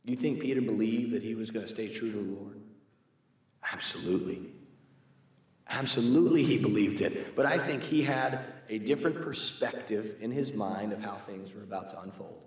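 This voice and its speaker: A man's voice: lowish voice, moderate pace. A man teaching a church Bible class in a conversational way, reading scripture aloud and asking the class questions. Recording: echoey room, mic far off.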